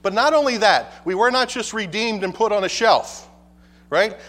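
High-voiced preacher in a reverberant hall. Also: male voice, lively intonation, moderate pace, a bit bright. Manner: emphatic preaching with rhetorical questions. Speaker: pastor. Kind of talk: sermon.

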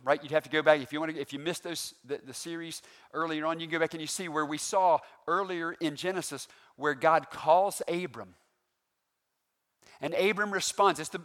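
A man preaching a sermon, animated and full of rhetorical questions to the congregation. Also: on the high side. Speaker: pastor.

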